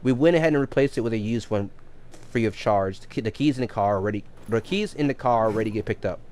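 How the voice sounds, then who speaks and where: A man's voice: fairly low pitch, fast, darkish tone, voice pushed down, natural voice. A man quoting a curt, evasive male car mechanic who brushes off questions and keeps repeating himself. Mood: dismissive.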